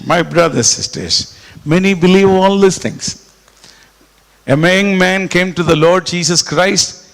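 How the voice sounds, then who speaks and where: A man delivers a sermon, repeating phrases and dropping suddenly to a hush. His voice sits slightly high and turns gravelly. Long reverb rings around him in a large hall. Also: unhurried. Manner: animated, repetitive preaching with sudden quiet drops. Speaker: preacher.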